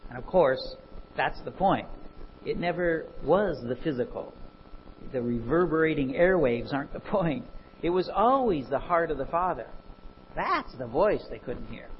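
A man preaching a sermon, animated and full of rhetorical questions. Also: a little high, measured pace, lo-fi sound, slight background noise.

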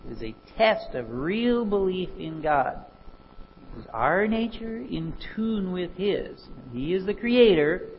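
A man preaching a sermon, animated and full of rhetorical questions. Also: high voice, takes it slowly, highs cut off, a little hiss or hum.

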